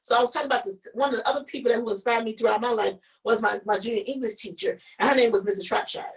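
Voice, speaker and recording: A woman co-hosting a casual live-stream chat, telling a story in an animated way, with many restarts and repeated words. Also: a little high, very fast, far from the mic, poor audio. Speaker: show co-host.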